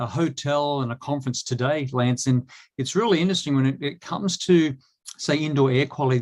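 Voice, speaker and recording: A man with an Australian accent, talking as a guest in a casual online interview, with many fillers and restarts. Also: fairly high pitch.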